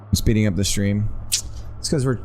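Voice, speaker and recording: A man's voice: on the low side, steady tone, normal speed, a little mellow, slight background noise. A man streaming live while coding a game, rambling casually and mocking himself as he works. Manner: rambling self-talk, self-mocking.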